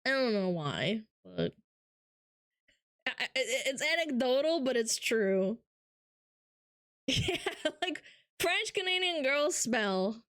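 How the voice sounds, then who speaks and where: A woman streamer with a fairly high voice, chatting with her viewers in a playful, teasing way. She takes her time, speaking in an unhurried drawl between giggles. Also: very animated, fairly bright tone, dry recording, clean studio sound. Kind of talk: casual chat reading live comments.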